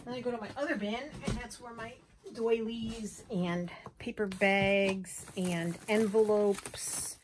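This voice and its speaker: An unhurried woman talks her way through a craft project at home, rambling as she goes and poking fun at her own mess. Her voice sits at an ordinary middle pitch. Faint paper rustling and crinkling drift behind her. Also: steady tone, slight background noise. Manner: chatty, rambling, self-mocking with frequent laughs. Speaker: journaling crafter. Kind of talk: casual crafting vlog chat.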